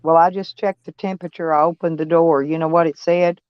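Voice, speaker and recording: A woman's voice: low voice, steady tone, brisk, clean tone, dry recording. An older woman vlogging about van life, rambling and folksy, with cussing and laughs. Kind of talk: casual chat. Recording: dull lo-fi sound.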